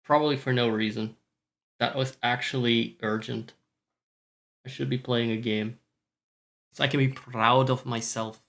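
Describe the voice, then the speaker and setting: A man's voice: medium pitch, fairly even intonation, a little slow, vocal fry, pauses often, a bit bright. Rambling, sweary Scottish man streaming. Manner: rambling, sweary, self-mocking. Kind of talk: casual live-stream chat.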